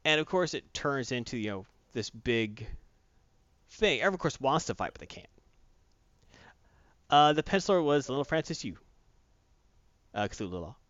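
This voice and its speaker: Man, podcast host, rambling comic recap, animated, mid-pitched voice, dry lo-fi sound. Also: moderate pace, long pauses, dry recording. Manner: rambling, animated storyteller who acts out quotes. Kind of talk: casual comic recap chat. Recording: dull lo-fi dry recording.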